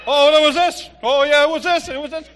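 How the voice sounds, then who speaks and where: A man doing a shrill, nosy wife. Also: fairly even intonation, brisk, fairly bright tone. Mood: eager. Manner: shrill and insistent. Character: fussy, nosy middle-aged wife grilling a doctor.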